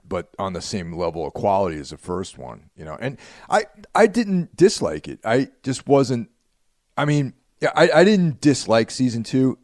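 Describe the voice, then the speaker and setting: A man co-hosting a podcast in casual chat, relaxed and agreeable, hesitating with fillers. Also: lowish voice, no echo, clean studio sound. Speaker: podcast co-host. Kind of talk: casual chat about films.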